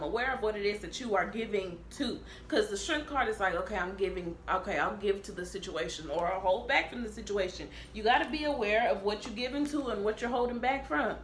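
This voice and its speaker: A woman giving a casual tarot reading, blunt and profane, talking in an animated way. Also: mid-range voice, a little hiss or hum. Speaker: tarot reader. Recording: echoey room with faint ambience.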